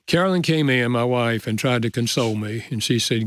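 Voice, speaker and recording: An older man, a guest author, telling a personal story in an earnest, gentle way with frequent soft chuckles. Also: mid-range voice, brisk. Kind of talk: reflective storytelling interview.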